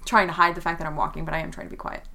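A woman's voice: deep voice, little pitch movement, very fast, vocal fry, sharp tone. A woman playing a tabletop game, casual and thinking aloud as she decides her moves. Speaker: player.

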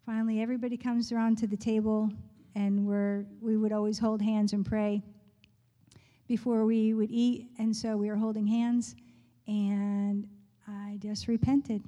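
A woman telling a personal faith story in a church talk, earnest and quick to laugh, dropping to a hushed voice when she prays. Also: medium pitch, flat delivery, long reverb tail, highs cut off. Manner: earnest, laughs often, drops to a soft hush in prayer. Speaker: speaker sharing a testimony.

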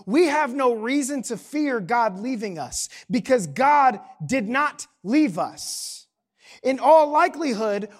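A young adult pastor preaching a sermon in a church service, talking casually and then building to impassioned shouting. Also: mid-range voice.

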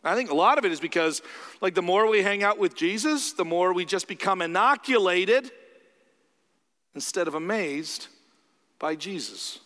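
A man's voice: high-pitched, normal speed. Man preaching in a reverberant hall. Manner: conversational, animated, acts out quoted voices. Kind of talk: sermon.

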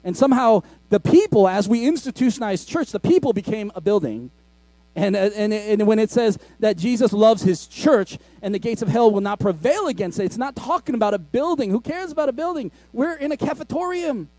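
A pastor preaching in a high, mellow voice, recorded dry and close. He keeps it conversational and jokes with the congregation, laughing at his own asides. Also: lively intonation, a little fast, dry recording. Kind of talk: sermon. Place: school cafetorium used as a church.

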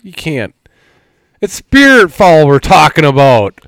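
Animated, laughing male podcast host. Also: fairly high pitch, measured pace, no room sound. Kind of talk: casual chat.

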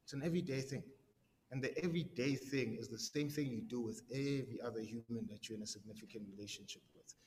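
A man's voice: medium pitch, quick pace, darkish tone, a little hiss or hum. Man preaching casually in a reverberant hall. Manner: conversational and slangy, constant "right?" tags, stammered repeats. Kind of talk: casual sermon.

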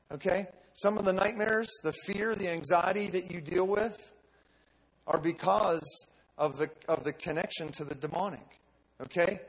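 A man preaching a sermon, telling a story with energy, repeating words and rising to loud declarations. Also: high voice, breathy edge, poor audio. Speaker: pastor. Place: church service.

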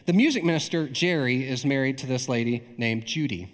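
Preacher man with a booming hall echo. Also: fairly quick. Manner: animated storytelling, frequent "right?" asides. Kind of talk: storytelling sermon. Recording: long reverb in a large hall.

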